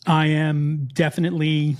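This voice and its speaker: Animated American man, slight Mid-Atlantic accent. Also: fairly high pitch, moderate pace. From United States. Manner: animated, self-interrupting, frequent restarts. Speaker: podcast co-host. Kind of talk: casual chat.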